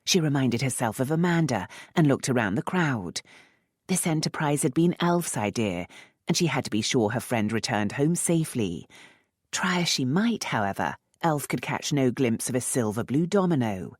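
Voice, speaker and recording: An audiobook narrator reading a romance novel in a measured, expressive way. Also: medium pitch, breathy edge, no echo, clean studio sound.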